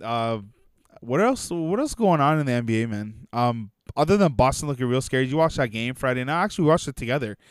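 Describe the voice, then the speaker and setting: A young man talks basketball in a loose, animated way, tossing in laughs and fillers as he goes. His voice is smooth and clear at a middle pitch. The sound is dry and close, with no room around it. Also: quick pace, dry recording. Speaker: podcast co-host. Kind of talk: casual sports chat.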